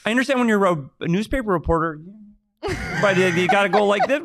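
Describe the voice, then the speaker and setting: A man's voice: high-pitched, lively intonation, fast talker, vocal fry, fairly bright tone. A middle-aged man co-hosting a sports podcast, talking in a casual, teasing way with exaggerated emphasis. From United States. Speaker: podcast co-host.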